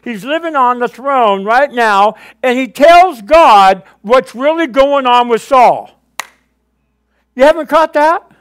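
A male pastor preaching a sermon, telling his story and acting out conversations, with quick questions to the congregation. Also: very high-pitched, clean tone. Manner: animated storytelling, acting out his own past dialogue with God.

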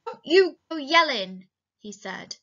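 A woman's voice: mid-range voice, a little slow, pushed and bright. A woman voicing a big, simple-minded man who is frightened and pleading, talking in a childlike way and repeating himself. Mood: agitated. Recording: dull lo-fi recording.

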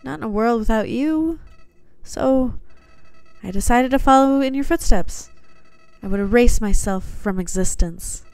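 Voicing a cold, manipulative, soulless flower from a game, a woman reads the lines in a coldly confiding, slightly theatrical tone. Her pushed-up voice sits fairly high and is a little slow and mellow, recorded dry.

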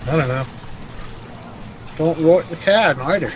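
A man's voice: on the high side, measured pace, slight background noise. A man playing a game with friends, joking in a dry, sarcastic way. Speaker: game player. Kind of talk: casual gameplay chat.

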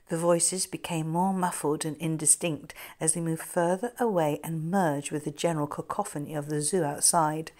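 A middle-aged woman, an author, narrating her novel in a measured, steady storytelling manner. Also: deep voice. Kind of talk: scripted narration.

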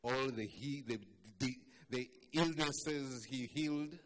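A male pastor preaching a sermon, telling stories dramatically, with loud declarations that fall to hushed low lines. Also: slow pace. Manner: acts out the voices in the stories he tells.

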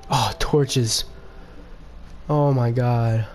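A man giving casual gameplay commentary with excitable, cursing outbursts. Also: mid-range voice, extremely slow, faint music behind. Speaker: gaming video creator.

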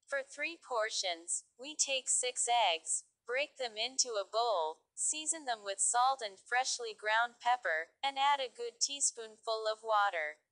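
A woman's voice: on the high side, lively intonation, measured pace, hardly any pauses, bright, forceful tone, low-quality recording. A woman reading stories aloud carefully for English learners. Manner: careful, clear reading pace. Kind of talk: slow read-aloud narration.

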